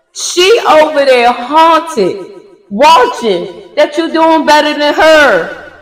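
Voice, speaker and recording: A woman giving a tarot reading in a sassy, emphatic way, full of profanity and drawn-out words. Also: high-pitched. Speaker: tarot reader. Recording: echoey room with long reverb.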